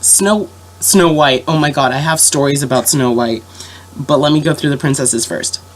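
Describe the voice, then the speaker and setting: Sounding sick, this young vlogger rambles through a casual story at normal speed in a low-sitting voice. She fills it with fillers and keeps correcting and restarting herself.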